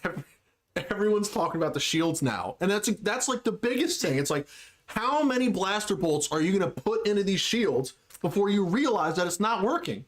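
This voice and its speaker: A young woman co-hosting a casual livestream podcast, ranting in an animated, exasperated way. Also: on the low side, a little fast. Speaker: podcast co-host.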